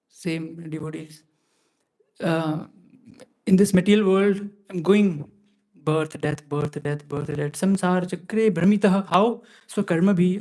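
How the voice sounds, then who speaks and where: A man leading a scripture class, chanting Sanskrit verses slowly and then explaining them casually with many fillers. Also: high voice, darkish tone. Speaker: class speaker.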